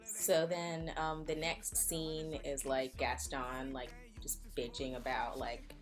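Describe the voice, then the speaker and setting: A woman's voice: a bass voice, steady tone, unhurried, soft background music. A young woman recapping a film in a loose, rambling vlog chat, full of likes and fillers. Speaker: vlogger. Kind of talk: casual movie recap chat.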